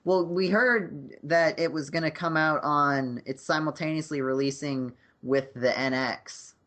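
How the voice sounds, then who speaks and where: A man's voice: fairly high pitch, measured pace, a bit bright. A man hosting a casual podcast chat over a video call, rambling with lots of fillers and restarts. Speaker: podcast host.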